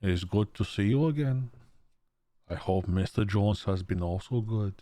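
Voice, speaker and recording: A man's voice: on the low side, a little slow, mellow, dry recording, clean studio sound, voice pushed down. A man putting on a character with a mock Russian accent through a voice changer, with overly formal, polite greetings.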